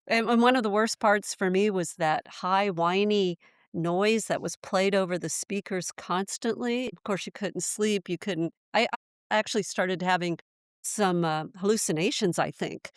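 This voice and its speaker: A woman's voice: mid-range voice, moderate pace, smooth, no echo, studio quality. An American woman in her sixties, a podcast guest thoughtfully and earnestly recalling hard experiences in a casual conversation. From United States. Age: 60s. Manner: reflective, earnest recollection. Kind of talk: casual reminiscing.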